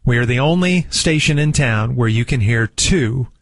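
A man hosting a radio talk show, talking in a relaxed, friendly way. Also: mid-range voice, moderate pace, dry recording. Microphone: studio microphone.

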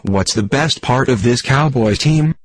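A synthetic male text-to-speech voice playing a stiff, deadpan sports computer that reads jokes in stilted, formal phrasing for a radio comedy bit. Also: medium pitch, measured pace, a little hiss or hum, close to an everyday voice.

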